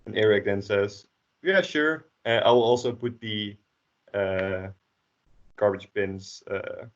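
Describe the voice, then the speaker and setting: A Dutch man teaching a language class online, explaining slowly with many hesitations. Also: on the low side. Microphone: computer microphone on a video call. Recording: dull lo-fi call audio.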